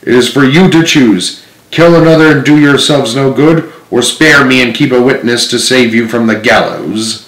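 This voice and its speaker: A man's voice: medium pitch, moderate pace, a bit bright, echoey room, lightly acted, poor audio. A man reading aloud and voicing a bold teenage boy cabin hand who speaks up earnestly and defiantly. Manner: earnest, raised and breathless defiance. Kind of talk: storybook read-aloud acting.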